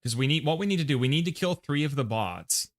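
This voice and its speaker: A man's voice: on the high side, animated, fast talker. A man with an American accent casually talking to himself and reading chat while setting up a game loadout on a livestream. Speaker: streamer.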